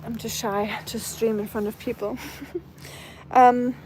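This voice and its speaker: A young German woman with a German accent walks her dog outdoors on a live stream, chatting casually, laughing often, and reading and answering her chat. Her voice is fairly high and darkish with little pitch movement at a measured pace; the audio is poor, with slight background noise.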